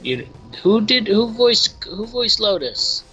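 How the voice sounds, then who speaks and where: A young man in his twenties chats casually while streaming a game, blunt and teasing, with plenty of swearing. His voice is bright with a sharp edge, and faint music plays underneath. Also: high-pitched, very animated, takes it slowly, lo-fi sound. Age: 20s. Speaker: co-host of a game let's play stream. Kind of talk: casual gaming banter.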